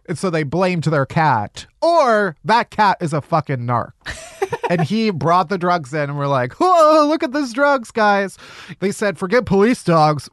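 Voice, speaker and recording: A man's voice: fairly high pitch, no echo. A man hosting a comedy podcast in a studio, ranting sarcastically and swearing a lot. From Chicago area. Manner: sarcastic, profane, animated ranting. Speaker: podcast host.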